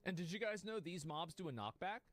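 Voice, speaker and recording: A man's voice: high-pitched, lively intonation, a little fast, a bit bright. Young guy streaming games, cursing and stammering, voice jumps all over. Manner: exasperated, swearing, stammering. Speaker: game streamer. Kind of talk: live gameplay commentary.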